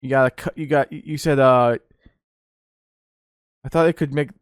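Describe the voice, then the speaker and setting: He's a podcast host who meanders through casual conversation, dropping frequent laughs and filler words. His medium-pitched voice has a clean tone, fairly even intonation and normal speed, captured in a clean studio without room sound.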